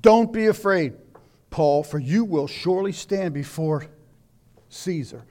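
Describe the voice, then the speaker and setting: An older man preaching a sermon, swinging between loud declaiming and hushed asides. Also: on the high side, expressive, unhurried.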